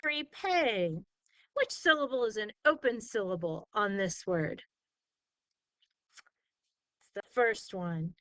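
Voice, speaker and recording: Sounding out each word syllable by syllable, a spelling teacher guides her student slowly and patiently, praising the right answers. She has a fairly high, sharp, clean-toned voice with no room sound.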